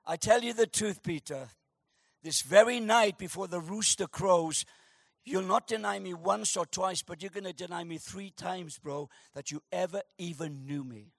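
A man voicing a calm male teacher who speaks low, quiet and measured. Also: creaky, no echo, clean studio sound, exaggerated voice. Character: calm knowing male teacher, gently teasing.

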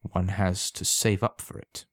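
A man voicing a sly, calm old man who sells love potions, speaking smoothly and unhurriedly in a quietly insinuating way. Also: low voice, unhurried, dry recording. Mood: knowing.

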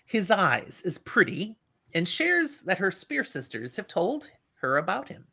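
A middle-aged man recapping a story with plenty of energy, dipping in and out of the characters' voices. His tone is bright and his pitch moves a lot. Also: unhurried, gravelly, husky. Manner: animated retelling, acting out the characters. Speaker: podcast host. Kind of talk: casual book discussion.

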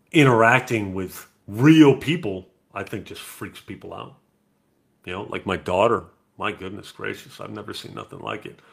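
A man's voice: on the low side, creaky, a bit bright. A middle-aged man hosting a live podcast, talking in a blunt, profane, casual way. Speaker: podcast host. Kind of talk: casual live-stream chat.

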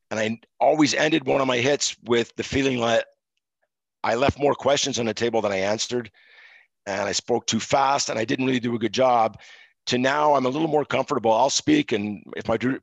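A middle-aged man from Quebec, a former referee, telling stories in a relaxed interview with many fillers. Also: mid-range voice, creaky, no echo, low-quality recording. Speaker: podcast guest, former hockey referee. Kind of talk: casual interview storytelling.

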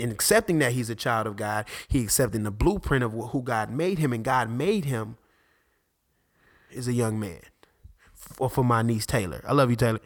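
A man hosting a podcast, talking casually about faith and fatherhood, animated, with many restarts. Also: medium pitch. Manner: animated, restarts often, acts out conversations. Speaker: podcast host.

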